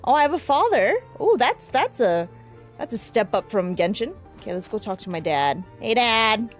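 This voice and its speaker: A young woman giving casual let's-play commentary, excitable, squealing in delight and swearing when startled. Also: a little high, normal speed, soft background music. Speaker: gamer streamer.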